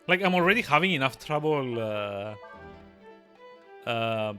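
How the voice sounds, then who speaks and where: A man streaming a game live, chatting excitably with frequent laughs and self-interruptions. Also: mid-range voice, slow pace. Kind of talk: live let's-play commentary. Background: game music.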